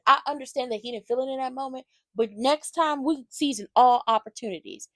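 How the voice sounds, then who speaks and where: A woman recapping a reality show for her channel, animated and fired up, talking straight to her viewers. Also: high-pitched, quick pace, hardly any pauses, no echo, clean studio sound. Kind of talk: casual recap commentary.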